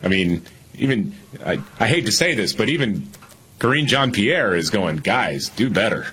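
A man's voice: fairly low pitch, very animated, moderate pace, fairly bright tone, husky. A man co-hosting a talk radio show, counting down news headlines with wry asides and laughter. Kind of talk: casual political talk radio banter.

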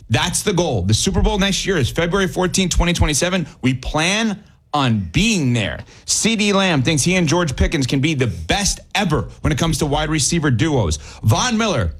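A man co-hosts a sports talk radio show, pressing his case with animated, argumentative questions. His voice sits a little high and swings widely as he builds each point. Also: breathy edge.

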